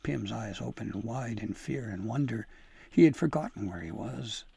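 Male audiobook narrator, gravelly and husky, dry close recording. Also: lowish voice, dry recording. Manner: measured, expressive reading. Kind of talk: storybook narration.

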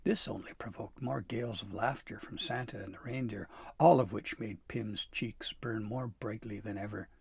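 A man reading a storybook aloud in a soft, unhurried narration, gravelly and husky. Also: on the low side, dry recording.

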